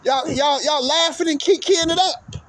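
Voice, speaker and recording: Guy ranting about basketball, high voice, loud background noise, cussing and repeating himself. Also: moderate pace. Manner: profane, heated, repetitive, says "man" constantly; swings from angry to emotional. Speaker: basketball vlog host. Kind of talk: ranting monologue.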